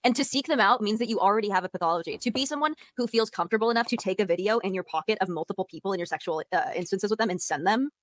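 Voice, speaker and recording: A woman's voice: mid-range voice, very fast, hardly any pauses. A woman arguing firmly in a heated debate, repeating her points and pressing her accusations. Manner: insistent, repeats herself, firm accusations. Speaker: debate panelist.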